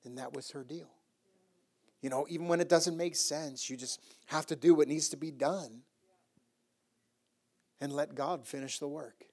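Middle-aged man, pastor, story sermon, animated, loud emphatic bursts, repeats phrases, slightly high voice. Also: measured pace, pauses often.

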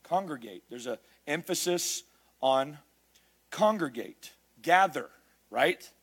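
A man preaching a sermon, emphatic, building his lists up to shouts. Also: fairly high pitch, lively intonation, slow, breathy edge.

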